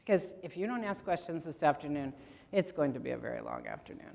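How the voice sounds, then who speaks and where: A woman's voice: deep voice, vocal fry, a little mellow. A woman giving a convention talk on grammar, quizzing the audience with questions and playful asides. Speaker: convention speaker. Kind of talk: lecture to an audience. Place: convention meeting room. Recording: long reverb from a large room.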